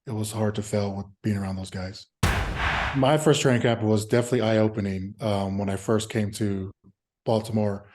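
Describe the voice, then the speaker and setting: A man in his thirties, a former pro football player, answering interview questions in a halting, easygoing way with frequent filler sounds and restarts. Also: lowish voice, fairly even intonation, noisy background. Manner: easygoing, acts out remembered exchanges.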